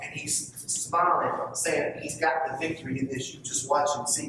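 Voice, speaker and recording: A man's voice: fairly high pitch, fairly even intonation, normal speed, hardly any pauses, slight background noise. Preaching man in an echoey church. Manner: preachy, swinging from loud to hushed. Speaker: pastor. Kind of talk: sermon. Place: church sanctuary. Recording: echoey church heard from far off.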